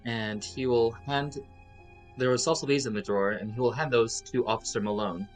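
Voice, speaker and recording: A man's voice: mid-range voice, fairly even intonation, normal speed, faint music behind. A man playing a tabletop game, hesitantly describing his character's actions. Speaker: player. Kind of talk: tabletop role-play chat.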